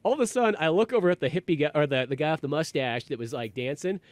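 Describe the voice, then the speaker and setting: Man, podcast host, casual storytelling, rambling, fillers, somewhat high voice, dry sound. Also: lively intonation, quick pace, no room sound. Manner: rambling, heavy on fillers and restarts.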